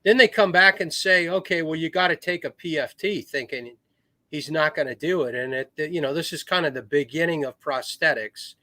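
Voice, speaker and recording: A middle-aged man talks through long military anecdotes with plenty of restarts and acted-out quotes. His voice sits a bit high for a man. The sound is very dry and close, with no room around it. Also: moderate pace, sharp tone, no echo. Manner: rambling war stories with restarts, acts out quoted voices. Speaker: podcast guest, retired Marine officer. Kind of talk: casual storytelling.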